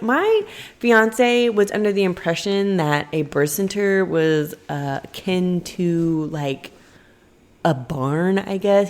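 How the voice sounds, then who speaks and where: Chatty woman telling a personal story. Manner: chatty, animated, acts out quotes in a high voice. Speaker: vlogger. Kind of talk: casual storytelling.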